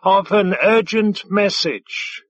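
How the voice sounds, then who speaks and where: Man voicing a nagging spaceship module in an audiobook, raised pitch, slow and insistent. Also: a bit bright, exaggerated voice. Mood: scolding. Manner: insistent, scolding. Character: impatient ship module speaking through a suit.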